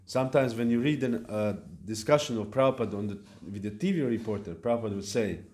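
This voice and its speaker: Low-voiced man giving a halting devotional lecture. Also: a little mellow. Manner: halting, with fillers and restarts. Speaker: lecturer at a temple. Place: temple hall.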